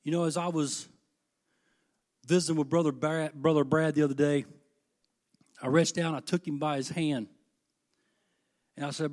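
A middle-aged man preaching a sermon, folksy and impassioned, moving between hushed asides and loud, emphatic peaks. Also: a little high, fairly even intonation, moderate pace, long pauses.

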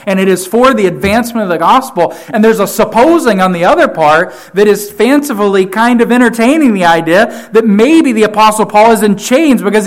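A man preaching a sermon to his church, emphatic, often repeating key phrases and swinging from loud to quiet. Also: high-pitched. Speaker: pastor.

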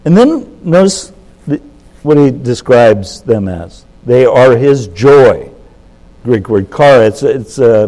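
A man in his seventies, a pastor giving a conversational sermon, folksy and self-interrupting, jumping up in pitch for emphasis. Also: rough recording. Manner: animated, jumps up in pitch for emphasis.

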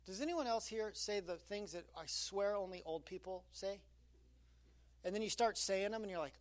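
A man's voice: sits high, brisk. A middle-aged man preaching a sermon as pastor, telling stories with quoted asides. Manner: animated storytelling with quoted asides.

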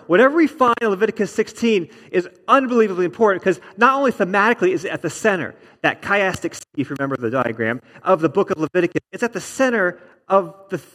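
A man with a high-pitched voice preaches a sermon, teaching emphatically and leaning on repetition. His voice rings out in a church sanctuary with a long reverb tail. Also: fairly bright tone. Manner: emphatic, teacherly, repeats words for stress. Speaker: pastor.

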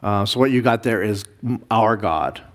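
A man, a pastor, teaching a Bible class, explaining Hebrew words slowly with many fillers and restarts. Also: on the low side. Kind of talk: classroom lesson reading Hebrew.

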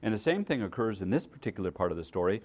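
This is a pastor's sermon, given in a chatty style with regular check-ins to the audience. His husky voice is on the low side, very animated and very fast, veering between loud stresses and soft asides and often repeating words.

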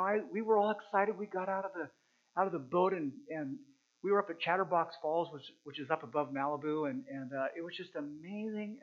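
A man preaching a sermon as pastor, earnest and halting, with many restarts, rising loud and dropping to hushed tones. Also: high voice. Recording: muffled with mains hum.

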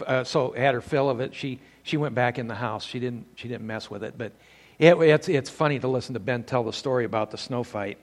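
A man's voice: fairly high pitch, a bit bright, big-room sound. An older man preaching a sermon to men, mixing scripture with folksy stories from his past.

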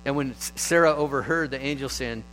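A man preaching in an easygoing, conversational voice of ordinary pitch. He tells the stories casually, picking up energy now and then. A faint electrical hum sits behind him. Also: a little fast, low-quality recording. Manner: conversational, animated storytelling. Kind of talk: sermon.

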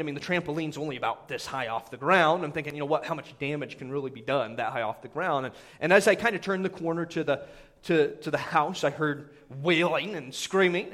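A pastor in his thirties with a notably high voice preaches in an animated, conversational way. He tells his story with frequent quick asides to the congregation. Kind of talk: sermon storytelling.

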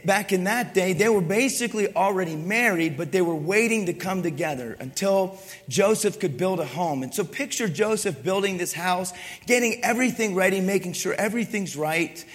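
A man preaching a sermon as pastor, animated and conversational, acting out voices and asking the crowd for agreement. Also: high voice, normal speed. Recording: long reverb in a large hall.

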